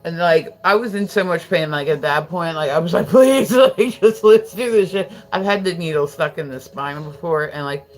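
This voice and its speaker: A woman's voice: low voice, a little fast, few pauses, faint music behind. A woman hosting a livestream, chatting casually with viewers, rambling with lots of fillers and frequent laughter. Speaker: livestream host.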